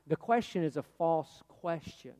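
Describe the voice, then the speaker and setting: Male pastor, sermon, high voice, chatty delivery with big shifts between loud and hushed, long hall reverb. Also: expressive, measured pace. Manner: conversational preaching, swinging from loud to hushed.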